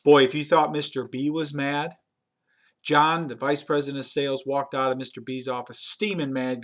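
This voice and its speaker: A man's voice: mid-range voice, level tone, normal speed. A man presenting a webinar, telling a story in a conversational way and repeating words as he goes. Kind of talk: storytelling talk.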